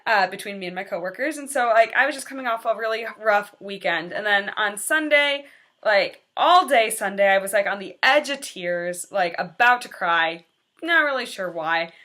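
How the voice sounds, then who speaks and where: Earnest bright-voiced young woman confiding. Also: mid-range voice, lively intonation, moderate pace. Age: 20s. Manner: candid, earnest and confessional. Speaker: teacher. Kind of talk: personal vlog confession.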